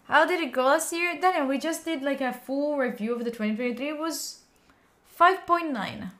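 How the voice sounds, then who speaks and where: A woman's voice: high voice, a little fast, fairly bright tone. A young woman with an Italian accent, chatting casually as a livestream host at home, swearing freely and reacting to her chat. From Italy. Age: young adult. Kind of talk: casual chat with live viewers. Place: room at home.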